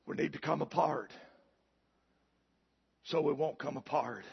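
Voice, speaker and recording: A male preacher with a gravelly voice, telling a folksy story in a sermon that builds to shouted preaching, in a church. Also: a little high, a little slow, highs cut off.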